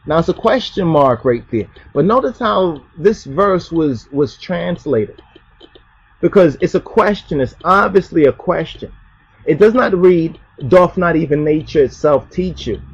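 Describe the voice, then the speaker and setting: A man with a slightly raised, husky voice preaches a scripture lesson. He leans on his points, checks in with his listeners and slows down to read verses. The recording is dry and a bit muffled. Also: on the high side, a little mellow, dry recording. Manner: emphatic, repeats "you understand", reads verses slowly. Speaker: Rastafari Bible teacher. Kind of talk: preaching Bible study talk.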